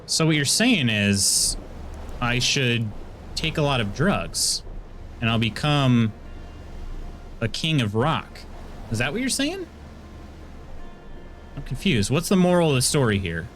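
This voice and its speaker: A man's voice: slow, long pauses, a little hiss or hum. American man streaming a game, chatty and playful. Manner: chatty and playful, jumps into high excited bursts. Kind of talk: casual gameplay commentary, chatting with viewers.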